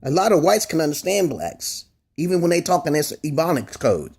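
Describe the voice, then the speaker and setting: A man's voice: on the high side, sing-song, brisk, creaky, darkish tone, husky. A man vlogging a rambling opinion monologue, often stopping to ask "okay?" and restarting his words, with casual swearing.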